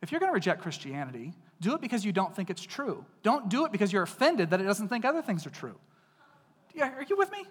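A man's voice: high voice, sing-song, fast talker, husky. A man from East Texas preaching a casual, joking sermon built around personal stories, talking directly to the crowd. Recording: long reverb of a large hall.

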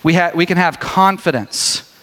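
Male preacher with a bright, sharp tone, talking casually and joking with the crowd, recorded in a reverberant hall. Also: high-pitched, normal speed. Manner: conversational, animated, jokey asides. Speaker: pastor. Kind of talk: sermon.

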